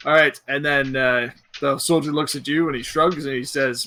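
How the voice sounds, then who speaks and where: A man narrating a tabletop game as game master in a casual, relaxed way. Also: fairly high pitch, fairly quick, few pauses.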